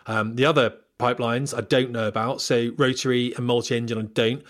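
A man's voice: mid-range voice, level tone, a little fast, a bit bright. A man hosting a casual podcast from home, a former pilot who digresses freely and talks straight to his viewers. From Britain. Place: at home in front of a camera.

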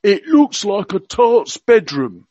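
A man voicing a blunt, tactless elderly royal gentleman, trying for a Cockney accent and firing off cheeky, rude one-liners. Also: sits high, big pitch swings, slow pace, dry recording, voice pushed up, exaggerated voice. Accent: attempted Cockney. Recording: dull, dry lo-fi sound.

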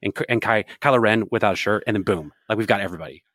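A man's voice: lowish voice, rapid-fire, fairly bright tone, dry recording, studio quality. A man co-hosting a podcast, rambling through joking stories in casual banter. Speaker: podcast co-host.

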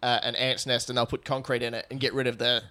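A man's voice: mid-range voice, flat delivery, fast, sharp tone. A man co-hosting a podcast, rambling and swearing in casual banter with frequent laughs. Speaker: podcast co-host.

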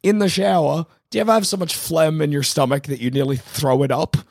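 A sick man with a sore, hoarse throat, chatting casually as a podcast co-host and mocking himself with frequent laughs. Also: fairly high pitch, expressive, fast, darkish tone, dry recording, clean studio sound. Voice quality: hoarse, gravelly. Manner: self-mocking, laughing often. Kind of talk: casual chat.

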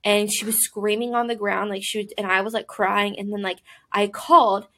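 A woman co-hosting a casual podcast chat, telling stories in an animated, chatty way with lots of "like". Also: mid-range voice, moderate pace. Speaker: podcast co-host.

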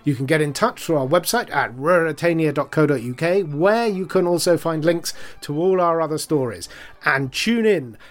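A man's voice: on the high side, animated, moderate pace. A man reading a podcast's closing credits in a plain, friendly way. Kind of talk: scripted outro announcement.

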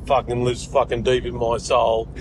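A man's voice: medium pitch, completely flat delivery, moderate pace, noisy background. An Australian man telling a rambling story in a voice message, swearing constantly. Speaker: caller sending a voice message.

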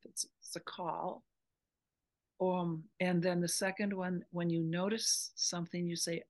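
An earnest woman speaking as a spiritual teacher in an interview. Her voice sits a little low, and she explains a meditation practice step by step. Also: steady tone, a little slow.

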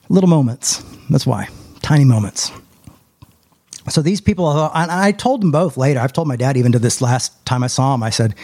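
A young adult man telling a personal story in a casual podcast chat, with his voice jumping up high when he quotes others. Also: brisk. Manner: animated, rises high when quoting others. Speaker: podcast co-host.

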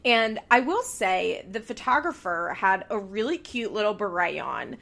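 A woman's voice: medium pitch, sing-song, a little slow, vocal fry, fairly bright tone. A young woman hosting a podcast, recapping a show in heated, profane rants. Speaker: podcast host.

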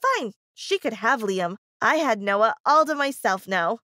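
A woman's voice: on the high side, animated, a little slow, pushed and bright, no echo, studio quality. Woman telling a first-person story. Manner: emotive, confessional.

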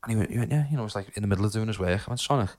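A man's voice: lowish voice, rapid-fire, mellow. Laughing young man telling stories. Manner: rambling, laughing storyteller with many fillers. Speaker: podcast co-host. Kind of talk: casual storytelling chat.

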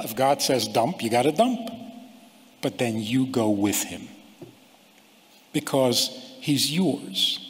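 Slow-preaching man in a reverberant hall. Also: mid-range voice. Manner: slow, deliberate preaching with quoted voices. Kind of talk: sermon.

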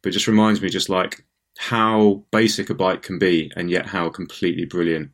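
Deep-voiced playful co-host. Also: male voice, level tone, normal speed, a bit bright. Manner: playful, theatrical and self-mocking. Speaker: podcast co-host. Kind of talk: casual podcast chat.

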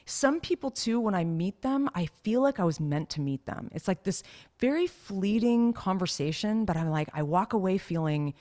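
Co-hosting a casual podcast chat, this woman rambles through stories with many fillers. Her medium-pitched voice is expressive and dark in tone, at normal speed.

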